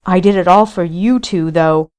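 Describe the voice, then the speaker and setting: A woman reading aloud voices a guilt-ridden male bounty hunter who pleads in loud, quivering anguish. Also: on the low side, normal speed, smooth, natural voice.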